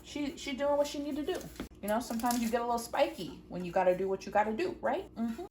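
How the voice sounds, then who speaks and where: A woman's voice: a little high, expressive, fast, very noisy. A woman vlogger chatting casually while baking in her home kitchen, giggling and cracking puns at herself, recorded on a phone. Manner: giggly, self-mocking, chatty, makes puns.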